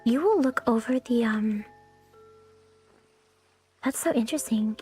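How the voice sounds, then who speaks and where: A woman's voice: on the high side, unhurried, mellow. A young woman streaming from home, chatting candidly and rambling, swearing freely, on a mic on a stand. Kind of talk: casual stream chat. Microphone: new condenser mic on a stand. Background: faint background music.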